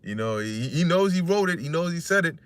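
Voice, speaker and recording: A man's voice: fairly high pitch, lively intonation, fairly quick, a bit bright, slight background noise. A man preaching casually on scripture, rambling and conversational, acting out voices he quotes and cursing freely.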